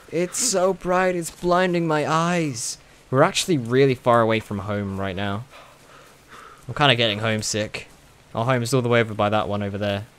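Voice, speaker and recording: A young man giving casual, excitable commentary while playing a video game, swearing and laughing often. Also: lowish voice, a little hiss or hum. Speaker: gaming video host.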